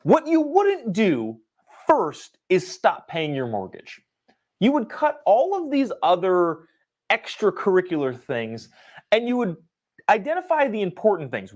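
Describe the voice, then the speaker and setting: A man hosting a political commentary show, talking in an opinionated, sarcastic way. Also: high-pitched. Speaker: host.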